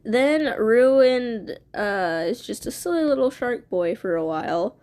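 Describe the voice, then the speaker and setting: A young woman streamer rambles through the story she wrote, swearing freely and giggling along the way. Her voice sits fairly high, and she talks slowly with plenty of fillers. Casual and loose throughout. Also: lively intonation, a little mellow. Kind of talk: casual retelling of her own fanfic.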